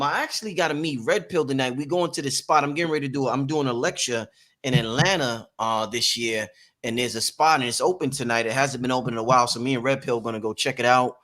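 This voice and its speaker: A man hosting a live-streamed show in casual chat, animated and swearing freely. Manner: animated, gets loud and high when worked up, swears freely. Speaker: podcast host.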